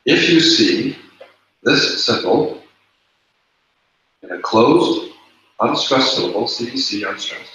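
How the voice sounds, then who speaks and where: A man's voice: mid-range voice, lively intonation, slow pace, pauses often, bright, forceful tone, a little hiss or hum. A man teaching a classroom lesson, explaining rules step by step and repeating the key points. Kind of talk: classroom lecture. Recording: echoey room, dull lo-fi sound.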